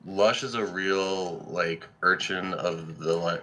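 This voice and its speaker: A man's voice: sits low, slow, pushed and bright, slight background noise, poor audio. A man hosting a casual livestream, teasing his guests in a dry way.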